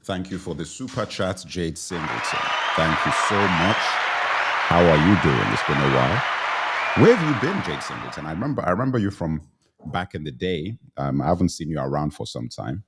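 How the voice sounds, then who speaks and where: Very deep-voiced man hosting a live stream. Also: animated, a little fast, a loud crowd. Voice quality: repetitive, says phrases twice. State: sneezing, slightly congested. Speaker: live show host. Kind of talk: live-stream commentary, greeting viewers.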